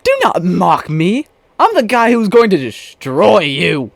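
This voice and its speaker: Bitter scarred young male hero, a man reading him; slow, raised-pitch storybook delivery. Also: lively intonation, vocal fry, dry recording, exaggerated voice. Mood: bitter, furious.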